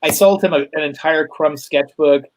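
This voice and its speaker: Chatty middle-aged man, somewhat high voice. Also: normal speed, low-quality recording. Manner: rambling anecdotes with fillers and laughs. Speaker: guest. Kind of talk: casual storytelling chat.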